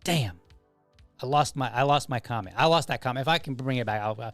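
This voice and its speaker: A man's voice: medium pitch, fairly quick, fairly bright tone, dry recording, faint music behind. A man hosting his podcast, talking through comments in a loose, conversational way full of restarts and asides. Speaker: podcast host. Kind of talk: casual solo commentary.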